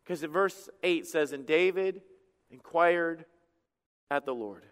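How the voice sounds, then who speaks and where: Man, pastor, sermon, impassioned, loud-to-hushed swings, smooth resonant voice, long reverb. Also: fairly high pitch, moderate pace.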